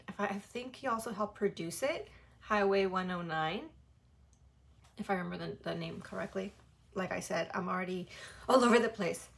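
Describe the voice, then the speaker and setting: A young woman hosting a music video reaction, talking in a gushing, excitable, rambling way and apologizing as she goes. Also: medium pitch. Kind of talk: casual reaction commentary.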